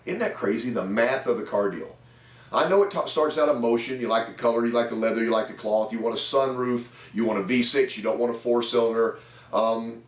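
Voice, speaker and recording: A man's voice: mid-range voice, distant mic. Folksy male sales trainer telling stories. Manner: folksy anecdotal storytelling. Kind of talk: storytelling talk to camera. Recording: echoey room.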